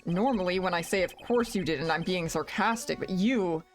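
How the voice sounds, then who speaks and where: A nervous young man stumbles through his words in a halting way, read by a woman. Faint music sits behind the voice. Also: on the low side, natural voice. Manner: halting, stammering.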